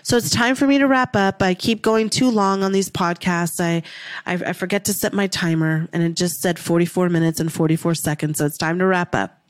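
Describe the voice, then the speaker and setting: A woman's voice: fairly low pitch, steady tone, fairly quick, no echo. A woman hosting a manifestation podcast, speaking in an emphatic, repetitive, heartfelt way and swearing casually. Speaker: podcast host, manifestation coach. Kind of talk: motivational podcast talk.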